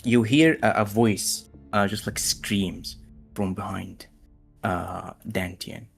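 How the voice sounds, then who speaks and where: A man's voice: fairly low pitch, steady tone, takes it slowly, creaky, faint music behind. A man narrating a tabletop game as game master, hesitant and full of fillers as he voices other characters.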